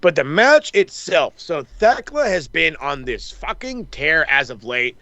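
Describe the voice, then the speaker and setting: A man's voice: a little high, a little slow, no echo. A man hosting a casual wrestling recap chat, swearing freely and acting out what people said. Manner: profane, excitable, acts out quotes. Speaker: wrestling podcast host.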